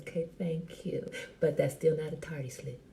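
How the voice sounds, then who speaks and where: A middle-aged woman hosting a casual live chat, teasing and animated, talking straight to her viewers by name. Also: sits low, normal speed, gravelly. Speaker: host.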